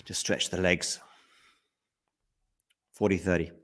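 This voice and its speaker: A man's voice: low-pitched, steady tone, slow pace. Chatty man commentating tennis live. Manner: chatty, answers viewers' chat by name, gets loud at big points. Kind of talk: casual live commentary reading chat. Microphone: handheld mic at times.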